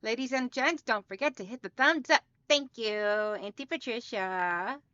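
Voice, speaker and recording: Hosting her quilting livestream from home, a woman with a fairly high, pushed and bright voice speaks unhurriedly. She's chatty and upbeat, welcoming viewers by name and reading their comments aloud, in a dry, slightly dull recording with no echo.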